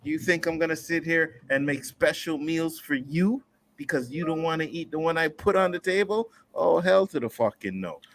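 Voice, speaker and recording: A man from Nova Scotia hosting a casual panel discussion, profane and animated, reading out viewer messages. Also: fairly high pitch, moderate pace. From Nova Scotia, Canada. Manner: profane, animated, acts out quotes. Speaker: panel show host.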